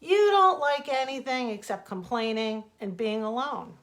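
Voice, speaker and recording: A woman's voice: fairly high pitch, measured pace. A woman voicing a mean, grumpy male creature who speaks snappishly in a bedtime storybook reading. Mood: scornful. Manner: snappish, scornful.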